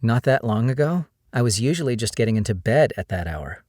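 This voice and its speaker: A man's voice: mid-range voice, big pitch swings, fairly quick, a little mellow, no room sound, clean studio sound. A man voicing a bubbly, playful young woman who teases as she talks, read in an audiobook.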